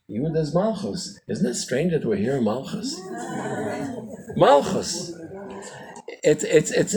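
An older man giving an informal Chassidic teaching to a small group, telling stories animatedly and swinging from loud exclamations to quiet asides. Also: rough recording. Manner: animated storyteller, quick shifts from loud exclamations to low asides.

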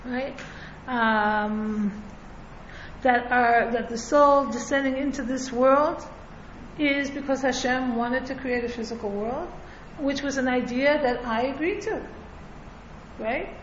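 A high-voiced woman gives a religious class in a relaxed, conversational way and keeps checking in with her listeners. The recording is echoey and a little dull, with a faint hiss underneath. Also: slow pace. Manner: conversational, checks in with frequent "right?". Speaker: Torah teacher.

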